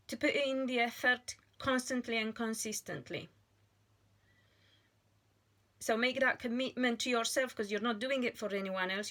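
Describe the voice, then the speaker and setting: A woman giving a tarot card reading in a slow, earnest monologue, pausing often and restarting her phrases. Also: fairly high pitch, a bit bright. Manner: slow and deliberate, with frequent pauses and restarts. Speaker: tarot reader.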